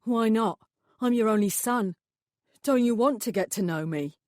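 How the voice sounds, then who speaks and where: An angry young man snaps and snarls with bitter hostility, as a woman reads him in an audiobook. He speaks a little high, in a dry, close recording. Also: moderate pace, dry recording, lightly acted. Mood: resentful.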